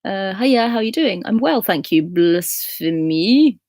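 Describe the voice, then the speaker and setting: A woman's voice: fairly high pitch, animated, moderate pace, dry recording. A Scottish woman in her twenties hosting a casual livestream, chatting and laughing as she reads viewer comments aloud. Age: 20s. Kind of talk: casual live chat.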